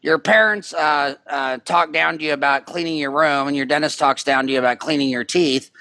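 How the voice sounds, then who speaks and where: A man's voice: on the high side, a little fast, creaky, sharp tone, no room sound. A man hosting a podcast interview in casual chat, rambling, joking and blunt. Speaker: podcast host. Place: Scottsdale.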